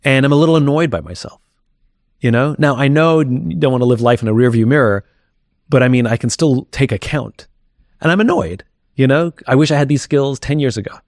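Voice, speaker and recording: A man's voice: medium pitch, darkish tone, no echo. Candid, reflective man speaking in a dry room. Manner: reflective and candid, thinking aloud. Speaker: guest. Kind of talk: candid conversational interview.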